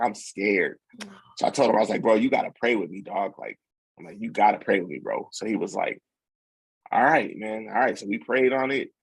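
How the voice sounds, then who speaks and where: A man in his forties tells his story in a gravelly, husky low voice, close and dry. He acts out the nurses, the doctor and his friend with easygoing street slang. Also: no echo. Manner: animated, acts out quotes with slang. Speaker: podcast guest. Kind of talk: casual storytelling.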